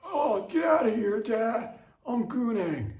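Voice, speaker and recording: A man's voice: extremely high pitch, very animated, slow, echoey room, pitched above the performer's own voice, full character voice. A man voicing a whiny, bratty teenage son who talks back defiantly. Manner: whiny, petulant, shouting back.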